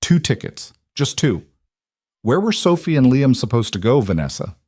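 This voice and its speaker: A man's voice: medium pitch, big pitch swings, moderate pace, darkish tone, husky, no echo, studio quality, voice pushed up. A man reading a story plays a betrayed grown son whose voice turns bitter and raw. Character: betrayed grown son, angry then tearful.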